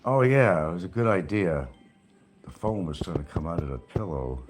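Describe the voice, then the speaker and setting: Older man, very deep voice, rambling livestream chat, sarcastic, faint music behind. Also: sing-song, moderate pace, darkish tone. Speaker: livestream host.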